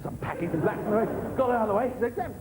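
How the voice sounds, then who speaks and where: A man's voice: high voice, very fast, lightly acted. A man playing a careless, boastful upper-class surgeon who brags and giggles. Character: reckless upper-class male party-boy surgeon. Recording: noisy old TV tape.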